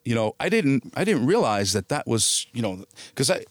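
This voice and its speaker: Middle-aged actor, casual storyteller; dry, close-miked studio sound. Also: male voice, medium pitch, normal speed, no room sound. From New Jersey area. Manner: animated anecdotes, quotes people in dialogue. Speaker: actor, interview guest.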